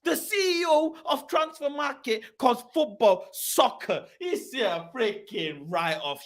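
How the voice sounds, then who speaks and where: A man hosts a football channel, ranting in a casual live stream. He swears, reads things aloud off a screen and keeps breaking into loud mock outrage. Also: very high-pitched, slow pace, few pauses. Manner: animated, exasperated, swearing, shouting in mock outrage.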